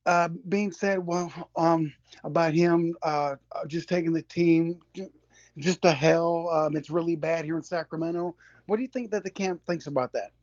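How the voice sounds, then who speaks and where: Halting, higher-voiced male caller. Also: fairly even intonation, no echo, muffled recording. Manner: halting, full of fillers, searching for words. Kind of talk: casual call-in chat.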